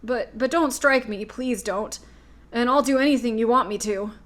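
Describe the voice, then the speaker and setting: A woman's voice: medium pitch, moderate pace, lightly acted. A woman reading aloud voices a timid, meek little old man who has been posing as a great wizard, speaking in a trembling voice.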